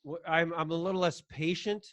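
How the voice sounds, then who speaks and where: A man with a bright, forceful voice and a slightly high pitch tells a story in a casual podcast chat. He acts out the quotes with energy. The studio sound is dry and close. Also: fairly quick, dry recording. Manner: animated anecdote with acted quotes. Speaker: podcast co-host.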